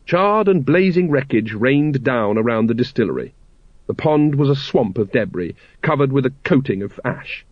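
A male narrator reading a novel aloud with an expressive, character-driven delivery. His pitch moves animatedly from line to line. The recording is dry and slightly dull. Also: normal speed, no echo. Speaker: audiobook narrator. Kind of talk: scripted narration.

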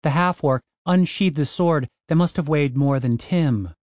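A man narrating a comic fantasy audiobook in a wry, lively storytelling manner. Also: fairly high pitch, a little slow, no echo, clean studio sound.

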